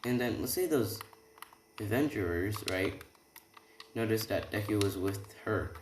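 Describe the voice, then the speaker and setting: A man's voice: fairly low pitch, lively intonation, unhurried, slight background noise. A young man improvising a fan-fiction story, rambling and correcting himself as he goes. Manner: rambling, self-correcting, lots of "he's like". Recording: roomy with keyboard clicks.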